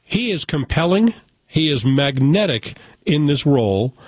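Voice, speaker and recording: An animated American man talks through a film review in a casual, opinionated way. His voice is somewhat husky and sits a little high for a man. The sound is dry and close, with no room echo. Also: measured pace. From United States. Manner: animated, opinionated, joking asides. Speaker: film critic.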